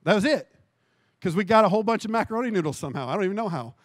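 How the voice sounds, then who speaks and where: A man, a pastor, preaching a sermon and telling a personal testimony, with animated storytelling that repeats phrases for emphasis. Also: sits high, rapid-fire, no room sound.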